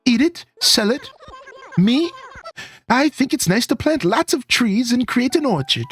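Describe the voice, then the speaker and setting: A man's voice: very high voice, big pitch swings, a little slow, fairly bright tone, soft background music, pitched above the performer's own voice, exaggerated voice. A man voicing a friendly female cat villager from a video game, in a sing-song, cheerful advice-giving way. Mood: chirpy. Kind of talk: reading game dialogue aloud.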